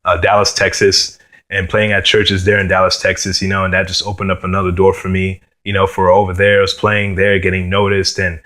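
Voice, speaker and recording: A young man from New York sharing his personal testimony as a guitarist, earnest and halting, often saying "you know" and "man.". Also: deep voice, monotone, sharp tone. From New York, USA.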